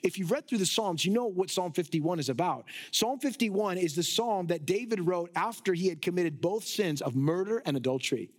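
A male preacher delivers an expository sermon. He speaks in an emphatic, rhetorical way, with a voice that sits high for a man. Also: expressive, normal speed, hardly any pauses, a little mellow. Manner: emphatic, rhetorical, sometimes laughing at absurd ideas.

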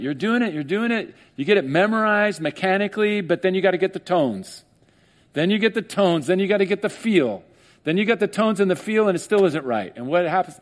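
Animated male preacher, higher voice. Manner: animated, acts out skeptics in mock voices, laughs often. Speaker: pastor. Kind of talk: sermon.

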